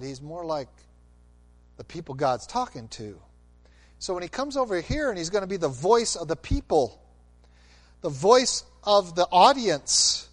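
Slow, echoing male preacher. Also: high-pitched. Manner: expressive, swings from loud emphasis to quiet intensity. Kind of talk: sermon. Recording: long hall reverb.

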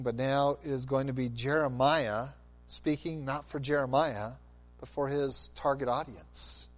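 Slow, echoing male preacher. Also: a little high. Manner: expressive, swings from loud emphasis to quiet intensity. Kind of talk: sermon. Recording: long hall reverb.

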